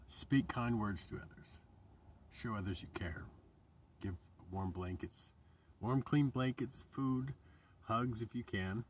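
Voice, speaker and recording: A man's voice: fairly low pitch, slow pace, pauses often, slightly rough, recorded from a distance. Choked-up man rambling about grace. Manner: choked up, rambling, sighing, drops to whispers. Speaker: vlogger. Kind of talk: emotional spiritual monologue.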